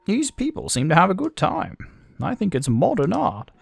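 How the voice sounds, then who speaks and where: Man putting on a high voice, scheming noble card cheat, theatrical, vague accent, gravelly. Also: wildly swooping pitch, normal speed, no echo, full character voice. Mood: conspiratorial.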